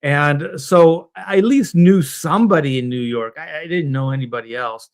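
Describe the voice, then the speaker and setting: A middle-aged Southern California man with a voice a bit high for a man tells an animated, meandering personal story over a video call. He's a comic book artist guesting on a panel stream, and he mimics the people in his tale with quick impressions.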